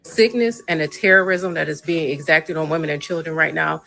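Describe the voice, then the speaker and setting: A woman's voice: low voice, steady tone, fairly quick, vocal fry, pushed and bright, low-quality recording. A woman ranting on a podcast in a heated but weary way. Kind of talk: impassioned casual podcast talk.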